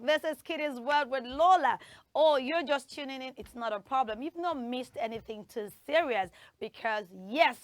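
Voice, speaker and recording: High-pitched and fairly bright, with no echo, a Nigerian-accented woman hosts a studio children's show. She teaches pronunciation, cheerfully coaxing the children and having them repeat word after word.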